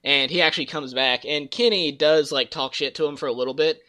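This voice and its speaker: Podcast host, male, bright and forceful tone, chatty storyteller who mimics game characters. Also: on the high side, fairly quick. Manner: rambling storyteller, acts out game characters' lines. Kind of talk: casual gaming chat.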